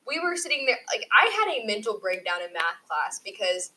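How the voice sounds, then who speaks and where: A teenage girl co-hosting a casual group podcast, talking fast and loose with lots of "like" as she tells stories. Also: mid-range voice, low-quality recording. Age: teens. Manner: animated, heavy use of "like", breathless storytelling. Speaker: podcast co-host, high school student.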